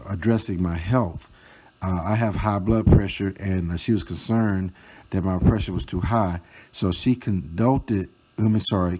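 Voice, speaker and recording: A man telling a storytime vlog, reading out chat screenshots in a slow, mocking, profane way. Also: low-pitched, warm tone. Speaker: storytime vlogger.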